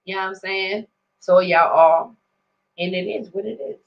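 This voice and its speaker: A woman's voice: mid-range voice, steady tone, moderate pace, muffled recording. A woman ranting to her viewers in a casual, profane vlog, rambling in street slang and constantly asking if they understand. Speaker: vlogger.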